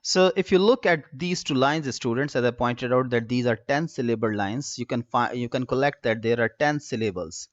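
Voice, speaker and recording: A man teaching a literature lesson in a measured, explanatory way, with frequent "uh" fillers. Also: medium pitch, no echo. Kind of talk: recorded lecture. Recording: dull, dry lo-fi recording.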